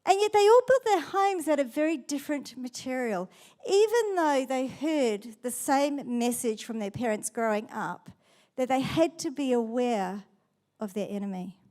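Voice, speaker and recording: A woman pastor preaching a sermon in church, telling the story in a lively and playful way. Her voice sits high for a woman. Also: normal speed.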